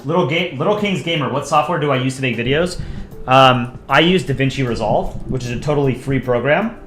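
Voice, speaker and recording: A man's voice: medium pitch, fairly quick, fairly bright tone, echoey room. A man casually chatting with his stream audience while drawing, thinking aloud and answering chat requests.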